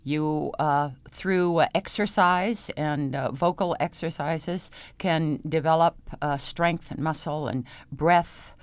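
A middle-aged woman, an opera singer and voice teacher, explaining technique as a radio interview guest in an unhurried way, with frequent hesitations. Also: low-pitched, clear, resonant tone, dry recording.

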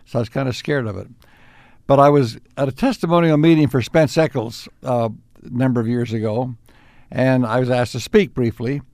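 An older man being interviewed, telling reflective stories in an unhurried, anecdotal way with chuckles. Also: mid-range voice, fairly even intonation, darkish tone, no room sound, studio quality. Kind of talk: reflective storytelling.

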